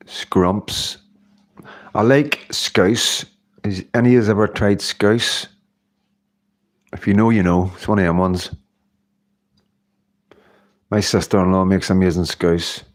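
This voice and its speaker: A man's voice: sits low, fairly even intonation, takes it slowly, pauses often. A middle-aged man hosting a casual livestream, chatting in a rambling way and laughing often. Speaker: livestream host. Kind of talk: casual live-stream chat.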